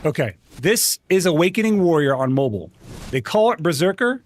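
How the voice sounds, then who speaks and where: An excitable man streams a game and chats with his viewers, laughing often. His voice sits a little higher than most men's. Faint noise hums behind him. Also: a little fast. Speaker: live-streamer. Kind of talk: casual gaming stream chat.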